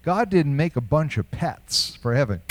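A man's voice: on the high side, sing-song, moderate pace, no room sound. An older man preaching a sermon in a conversational way, asking rhetorical questions and chuckling now and then. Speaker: pastor.

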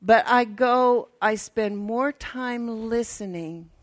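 A woman's voice: on the high side, slow pace. An older woman minister, preaching a chatty, folksy sermon with asides to her congregation.

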